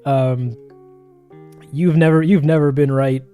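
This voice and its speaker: A man doing a brash squeaky keyboard. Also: animated, unhurried, mellow, faint music behind. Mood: indignant. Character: brash excitable male keyboard.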